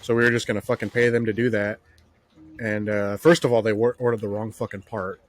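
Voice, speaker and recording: A man's voice: on the low side, flat delivery, fairly quick. A man host telling stories in casual podcast chat, swearing often and filling with "like" and "uh.". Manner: profane, storytelling, heavy filler words.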